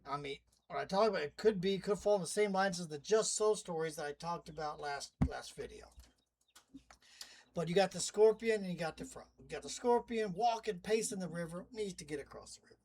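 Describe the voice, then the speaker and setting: A man's voice: high voice, expressive, fairly quick, gravelly, a little mellow, rough recording. A man talking casually to camera in a wry, rambling monologue, styling himself a demon host. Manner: chatty, wry, rambling asides. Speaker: vlogger playing a demon narrator.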